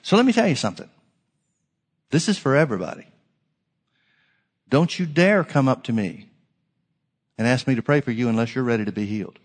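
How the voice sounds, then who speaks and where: A man preaching a sermon as pastor, emphatic, swinging from loud declarations to hushed lines. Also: mid-range voice, animated, a little fast, long pauses, in a large hall.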